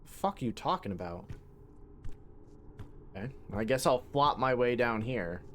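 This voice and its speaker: A man's voice: mid-range voice, lively intonation, normal speed, slight background noise. A man streaming a video game from his home setup, chatting casually into a desk mic with rambling, profane jokes. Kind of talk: casual live-stream commentary.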